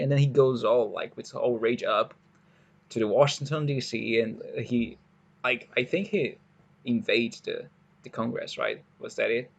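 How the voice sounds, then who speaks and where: A man chatting casually as a podcast co-host, wry and sarcastic, talking in halting stops and starts. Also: medium pitch, steady tone, vocal fry. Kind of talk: casual chat.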